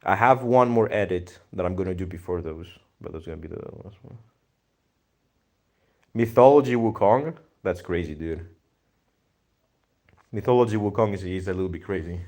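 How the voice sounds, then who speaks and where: Laid-back Greek man, lowish voice. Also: normal speed, pauses often, darkish tone. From Greece. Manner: laid-back, slangy, thinks aloud with many fillers. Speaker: streamer. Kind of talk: casual live-stream chat reading viewer comments.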